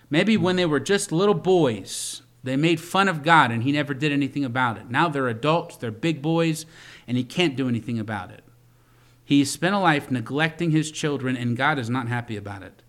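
A man preaching a sermon as pastor. He speaks earnestly, repeats words as he builds a point, and grows louder to stress it. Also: mid-range voice.

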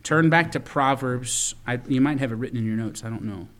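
A man's voice: medium pitch, brisk. Earnest preaching man. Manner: earnest, storytelling, with stumbling restarts. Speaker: pastor. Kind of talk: sermon.

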